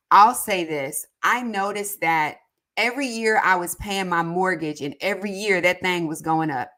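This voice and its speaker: Chatty woman with a bright, low voice. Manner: chatty and warm, with fillers and quick jumps in pitch. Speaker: personal finance livestream host. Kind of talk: casual live-stream chat, reading viewer comments aloud.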